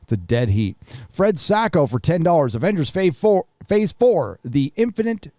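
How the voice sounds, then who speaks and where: Low-key man, dark dry voice. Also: sing-song, normal speed, no room sound. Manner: offhand, swears freely, reads messages aloud then riffs. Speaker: livestream host reading viewer donations. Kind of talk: casual live chat.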